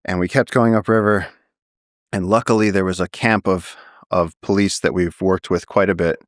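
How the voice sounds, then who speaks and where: Deep-voiced man telling a tense story. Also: fairly even intonation, normal speed, dry recording, studio quality. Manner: vivid storytelling, acts out quotes. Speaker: podcast guest, naturalist. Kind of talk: storytelling in a long-form interview.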